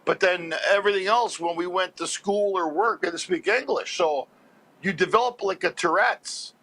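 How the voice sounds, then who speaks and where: A comedian from Montreal phones in and tells animated, rambling stories with frequent laughs. His voice sits high and sounds bright and forceful. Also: normal speed, a little hiss or hum. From Montreal, Canada. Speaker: stand-up comedian, phone-in guest. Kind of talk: casual storytelling chat.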